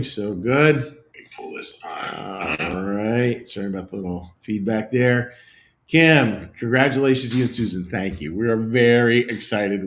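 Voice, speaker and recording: A man serving as pastor on a livestream, praying and greeting viewers in a gentle, unhurried way. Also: on the low side, poor audio. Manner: gentle, unhurried, reads viewer messages aloud.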